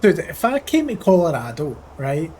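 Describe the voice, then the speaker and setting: A man's voice: fairly high pitch, very animated, normal speed, mellow, a little hiss or hum. A Scottish man chatting casually on a flight sim live stream, full of crude, profane joking banter with his chat. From Scotland.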